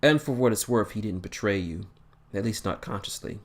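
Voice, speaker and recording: A man voicing a calm, probing male starship captain who speaks in a measured, even way. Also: on the low side, close to an everyday voice.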